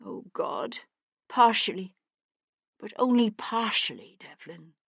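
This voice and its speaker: A woman voicing a frightened young actress who pleads in a breathy, trembling way. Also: medium pitch, animated, takes it slowly, no room sound, voice pushed up, exaggerated voice. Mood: anguished.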